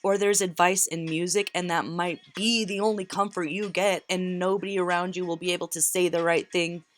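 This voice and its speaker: Soft music plays in the background as a woman with a fairly low, steady voice gives a tarot reading a little quickly. She's earnest and emotional, near tears, and repeats phrases to stress them.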